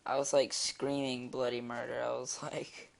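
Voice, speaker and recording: A teenage boy telling a story in a casual vlog, rambling and excitable, with many fillers. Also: mid-range voice, moderate pace, vocal fry. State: eating while talking. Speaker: vlogger. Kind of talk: casual storytelling while drawing.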